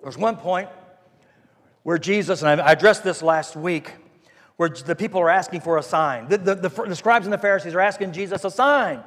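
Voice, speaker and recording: A man's voice: high-pitched, animated, moderate pace. A man preaching a sermon as pastor, folksy and emphatic, repeating his phrases for weight. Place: church hall. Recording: echoey hall reverb.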